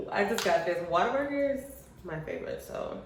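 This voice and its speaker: A young woman co-hosting a casual vlog chat, relaxed and rambling with hesitant fillers. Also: sits high, background noise. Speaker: co-host. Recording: echoey room.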